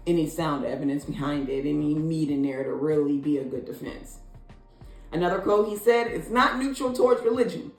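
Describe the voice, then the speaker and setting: A woman vlogger from Illinois giving casual opinion commentary, sassy and expressive, leaping up in pitch when she is incredulous. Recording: echoey room, faint music.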